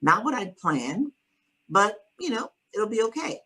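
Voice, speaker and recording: A woman earnestly telling a personal story in conversation, measured and steady, with pauses to find her words. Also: medium pitch, breathy edge, rough recording. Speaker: guest sharing her story.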